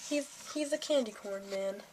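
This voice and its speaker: A woman's voice: medium pitch, moderate pace, darkish tone, a little hiss or hum, low-quality recording. An eighteen-year-old woman vlogging, ranting sarcastically and swearing freely about her day. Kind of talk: casual ranting vlog.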